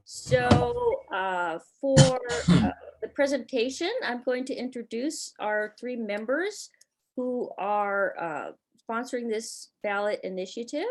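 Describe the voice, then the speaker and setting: Woman stepping in as meeting facilitator; slightly high voice, halting introductions. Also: sing-song. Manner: hesitant, many fillers. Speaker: club officer facilitating the meeting.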